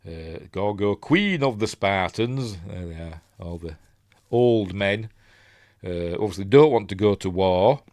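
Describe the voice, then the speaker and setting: Yorkshire man, very deep voice, rambling easygoing host, casual film chat. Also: expressive, measured pace, a little mellow, no echo. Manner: rambling, many ums and restarts.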